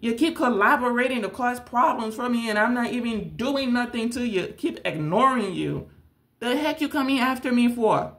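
A woman's voice: fairly high pitch, animated, normal speed, a bit bright. Blunt, confrontational woman ranting to camera. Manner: confrontational, blunt, repeats herself. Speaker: tarot channel host. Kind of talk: direct-to-camera rant.

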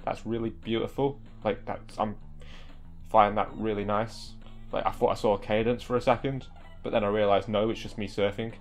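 A man's voice: on the low side, little pitch movement, moderate pace, faint music behind. A young man giving live gameplay commentary, exasperated and talking back at the game. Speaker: gaming video creator.

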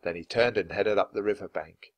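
A man reading a children's storybook aloud for English learners in a clear, steady, measured way. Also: on the low side. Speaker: storybook reader.

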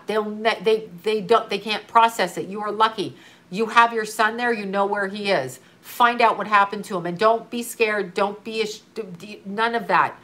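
A bright, clear-toned middle-aged woman talks straight to one listener. She speaks as a grieving mother in an earnest, urgent way, repeating her points and swearing now and then. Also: medium pitch. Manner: earnest, urgent, repetitive coaching with occasional swearing. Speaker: grieving mother giving advice to another mother. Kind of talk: emotional casual talk to a viewer.

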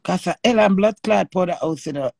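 Brief: Jamaican woman, live-stream host, fiery and emotional, rough gravelly voice, dry close sound. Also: on the low side, brisk, dry recording. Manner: animated, emotional, swears freely in patois. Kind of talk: live-stream chat with callers.

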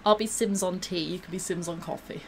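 A woman's voice: fairly low pitch, fairly even intonation, a little fast, a little hiss or hum. A woman gives bubbly, gushing live-stream commentary while she plays a game, gasping and laughing often.

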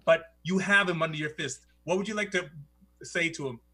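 Male game master, high bright voice, lively theatrical narration. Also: a little fast.

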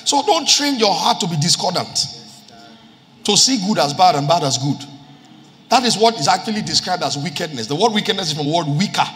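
A man's voice: sits high, animated, fairly quick, a bit bright. A man preaching a sermon as pastor, quoting scripture and repeating key lines for emphasis. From Nigeria. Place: church hall with live congregation. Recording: reverberant church hall with music.

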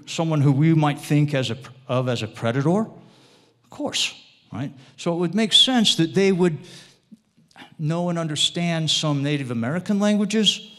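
A man speaks in a slightly raised register as he lectures a live room in a loose, digressive way. He keeps turning to his listeners with little tag questions. His thoughts restart and wander as he goes. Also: fairly high pitch. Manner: rambling, digressive delivery with restarts. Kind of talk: informal lecture to a live audience.

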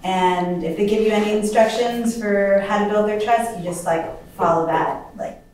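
A woman's voice: medium pitch, fairly even intonation, normal speed, a little mellow, a little hiss or hum. A woman, a student, answering a question in class in a thoughtful way, saying "like" often. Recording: distant, very echoey room with faint ambience.

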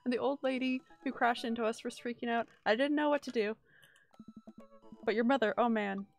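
A woman's voice: on the high side, steady tone, brisk, vocal fry. A woman voicing a sentimental, easygoing middle-aged single dad from a video game, reading his lines aloud in a fond, storytelling way. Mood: wistful. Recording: quiet music under the voice.

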